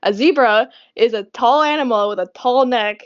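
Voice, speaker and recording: A woman's voice: fairly high pitch, a little slow, clean tone. A young woman in casual chat as a podcast co-host, telling rambling stories with frequent laughs. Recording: dull lo-fi sound.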